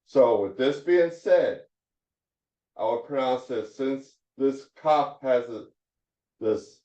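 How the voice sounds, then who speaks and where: Guy teaching hebrew phonics real slow, far off the mic in an echoey room. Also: medium pitch, dark tone. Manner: slow, repetitive drilling of syllables. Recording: roomy, distant, dull lo-fi sound.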